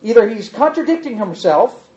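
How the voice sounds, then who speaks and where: A man's voice: sits high, sing-song, normal speed, dark tone, muffled recording. A man teaching an informal Bible class, reading scripture aloud with dramatic emphasis between casual comments.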